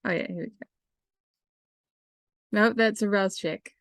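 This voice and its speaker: A woman's voice: mid-range voice, measured pace, no room sound, clean studio sound. A woman playing a tabletop game, flustered and hesitant as she sorts out dice rules. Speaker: player.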